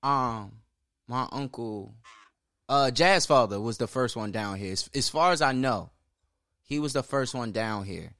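A man's voice: mid-range voice, unhurried, a bit bright, no echo, clean studio sound. A young man with a Baltimore accent, co-hosting a casual chat, laughing often and cursing freely. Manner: laughing, loose and profane. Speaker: podcast co-host.

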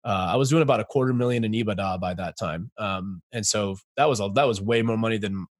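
A man in his forties, a guest entrepreneur telling his story in a casual interview, animated, laughing often, with many fillers. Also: on the low side, fast, dry recording, studio quality.

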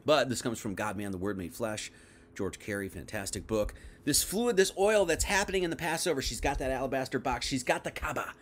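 A man's voice: medium pitch, lively intonation, fairly quick. Man preaching in a casual livestream. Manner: conversational, swings from quiet asides to emphatic outbursts; reads scripture aloud then paraphrases it loosely. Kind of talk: livestreamed Bible teaching.

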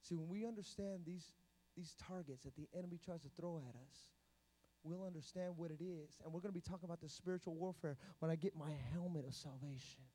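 A male preacher giving an animated sermon, swinging between hushed and loud delivery. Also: a little high, brisk.

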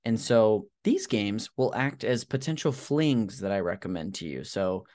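Podcast host, male, lowish voice, rambling and hesitant delivery, casual chat. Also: expressive, measured pace, a little mellow. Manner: rambling, hesitant with many ums, self-deprecating.

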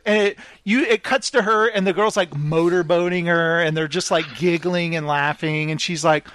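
A man retelling a reality-show scene in casual commentary, mocking the people in it and slipping into quick voices for them. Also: high-pitched, animated, fairly bright tone, no echo. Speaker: reaction video host.

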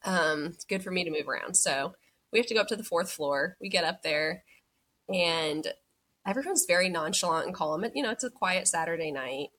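A woman's voice: on the low side, animated, normal speed, a bit bright. A young woman telling her birth story as a podcast guest, chatty and full of "like," acting out what she said back then. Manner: chatty, many "like" fillers, acts out her own past words. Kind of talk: casual storytelling.

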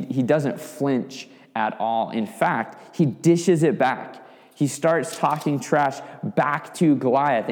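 A man preaching a sermon, telling a story with lively, vivid asides. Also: mid-range voice. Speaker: pastor. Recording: long reverb of a hall.

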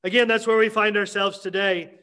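A man preaching a Sunday morning sermon as pastor, emphatic with dramatic pauses and repetition. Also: high-pitched, little pitch movement, bright, forceful tone.

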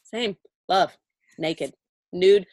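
A woman's voice: lowish voice, very slow, a little mellow. Giggly, chatty woman podcast co-host. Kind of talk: casual chat.

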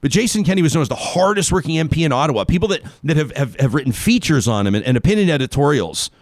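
A Canadian man delivers a pointed political monologue from behind a talk radio microphone, stressing his key words with scorn. His pitch sits a little high and swings widely. The sound is dry and close, with no room around it. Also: animated, dry recording. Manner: emphatic, sarcastic, dramatic pauses on key words. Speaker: radio talk show host.

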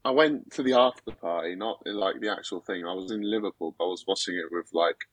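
Husky guest who stammers and swears, chatty, dry close sound. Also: male voice, deep voice, fast talker, no echo, low-quality recording. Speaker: podcast guest. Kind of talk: casual chat.

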